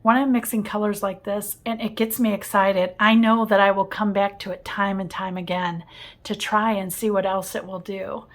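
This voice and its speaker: A woman's voice: mid-range voice, level tone, moderate pace. Cheerful woman teaching watercolor painting. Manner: warm, enthusiastic, often laughing softly. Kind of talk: casual painting tutorial. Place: home art studio.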